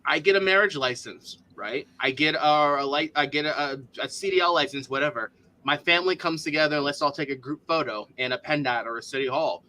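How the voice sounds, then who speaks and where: A man chatting as a guest on an online talk show, animated and apologetic, his voice jumping high when excited. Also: a little fast, a little hiss or hum. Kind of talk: casual podcast chat.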